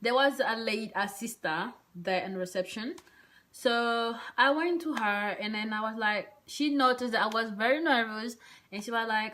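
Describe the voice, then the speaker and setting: A woman vlogger telling a personal story in a casual, rambling way, full of hesitant fillers and soft whispered asides. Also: a little high, normal speed, a little hiss or hum.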